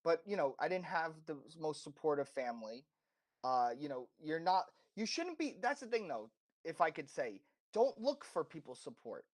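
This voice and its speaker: A man's voice: on the high side, big pitch swings, moderate pace. A man with a slight accent, a podcast guest giving impassioned, rambling advice with many restarts and self-corrections. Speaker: interview guest. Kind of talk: casual podcast interview.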